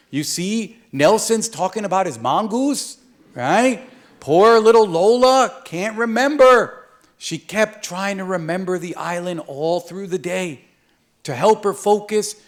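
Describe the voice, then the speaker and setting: A man from a Caribbean island, an author reading his picture book aloud at a live event, playful and joking with slang. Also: high-pitched.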